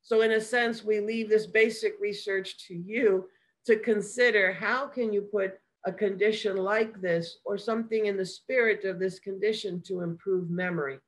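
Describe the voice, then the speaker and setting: A woman giving a measured, explanatory academic lecture as a guest lecturer. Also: mid-range voice, steady tone, poor audio. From United States.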